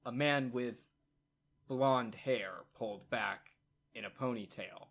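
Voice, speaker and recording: A man narrating a tabletop game as game master, in a casual, halting way with many fillers. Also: medium pitch, a bit bright.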